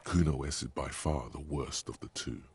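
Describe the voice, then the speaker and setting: A man voicing the grave inner narrator of a detective video game, with a deep, husky voice and a measured delivery. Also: fairly even intonation, darkish tone, dry recording, exaggerated voice. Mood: ominous.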